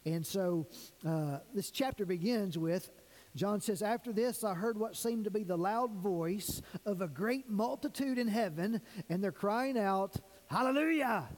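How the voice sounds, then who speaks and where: A man's voice: high-pitched, a little mellow. A man preaching a sermon as pastor, reading scripture and stretching out key words for emphasis. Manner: preaching with emphatic, drawn-out stresses. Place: church sanctuary. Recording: reverberant church hall.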